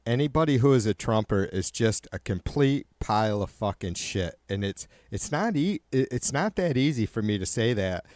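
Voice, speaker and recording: A man's voice: fairly low pitch, expressive, moderate pace, hardly any pauses, darkish tone, dry recording. A man hosting a livestream in casual chat, swearing constantly and ranting heatedly to his viewers. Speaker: livestream host.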